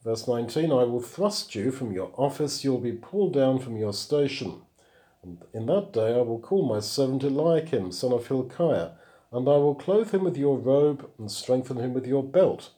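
A man's voice: medium pitch, animated, moderate pace, dark tone. A man, teaching the Bible verse by verse, reading passages aloud and then explaining them. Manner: explanatory, reads scripture aloud then comments.

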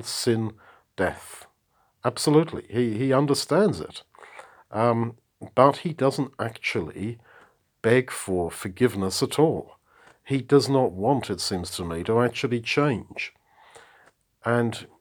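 Male Bible teacher, reflective, steady middle-pitched voice. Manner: thoughtful, reflective, reads verses then explains. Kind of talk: spoken Bible commentary.

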